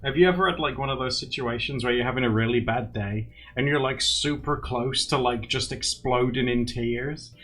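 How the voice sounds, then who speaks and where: A man's voice: mid-range voice, normal speed, few pauses, a bit bright. A young man livestreaming to viewers in casual, rambling chat. He laughs often and acts out quotes. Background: faint music.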